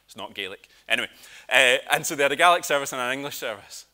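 A Scottish preacher delivering a sermon with lively storytelling and humorous asides. His voice sits at a medium pitch with a bright, forward tone. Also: quick pace, clean tone.

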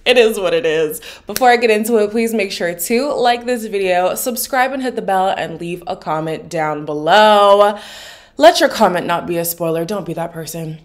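A woman with a deep morning voice giving casual, opinionated commentary on a reality show to her channel's viewers. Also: normal speed. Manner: opinionated, sassy, emphatic. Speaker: recap vlogger.

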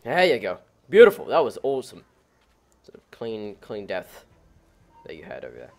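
A man's voice: lowish voice, wildly swooping pitch, normal speed, gravelly, darkish tone, soft background music. Joking young man chattering over a game. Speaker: gameplay commentator. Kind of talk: casual let's play commentary.

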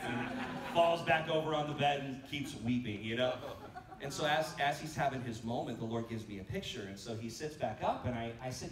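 A man's voice: medium pitch, fairly quick. Male pastor, conference sermon, storyteller who acts out dialogue; distant mic, echoey sanctuary. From United States. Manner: storytelling, animated quotes, laughing asides. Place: church sanctuary. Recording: echoey church hall from far off, faint noise.

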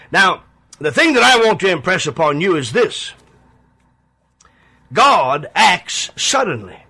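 A man preaching a sermon on the radio, pleading and emphatic, with dramatic pauses and big swings in his voice. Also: high voice, bright, forceful tone.

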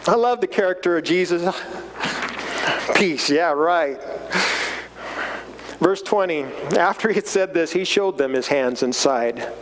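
A man giving a casual Bible study talk, animated, chuckling and often repeating words as he reads and explains. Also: fairly high pitch, unhurried, pauses often, slight background noise, low-quality recording. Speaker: Bible teacher.

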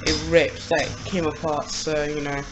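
Slow-talking British young man, loud music. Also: a little high, poor audio. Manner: rambling, excitable, laughs often. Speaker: Beyblade channel host. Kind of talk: casual commentary over toy battles. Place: home room, family upstairs.

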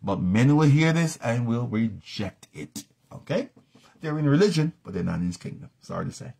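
A man's voice: medium pitch, big pitch swings, moderate pace, creaky, mellow, husky. A middle-aged man teaching a live-streamed Bible study in an emphatic, repetitive, preacherly manner.

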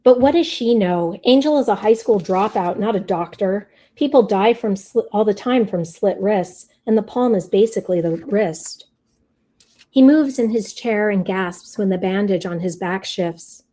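Woman author reading her own fiction aloud, measured and expressive, mellow warm tone. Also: medium pitch. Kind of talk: literary reading.

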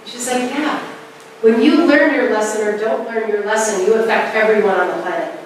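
A middle-aged woman tells stories to a live audience and acts out the voices she quotes. Her voice sits a little high. She is heard from a distance in a very echoey hall with a faint hum behind her. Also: normal speed. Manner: animated storytelling, acting out quoted voices. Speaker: presenter. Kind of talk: spiritual talk to a live audience. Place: presentation hall.

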